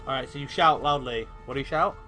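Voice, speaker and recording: A man's voice: medium pitch, fast talker, sharp tone, soft background music. A man narrating as game master in an online tabletop game, casual and hesitant with many fillers.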